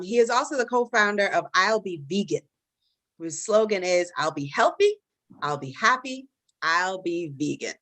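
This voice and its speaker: A woman's voice: on the low side, fairly bright tone, dry recording. A woman hosting and moderating a live podcast debate, talking casually with many fillers and restarts and poking fun at herself. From Caribbean diaspora in the US. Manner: chatty, many fillers and restarts, self-deprecating.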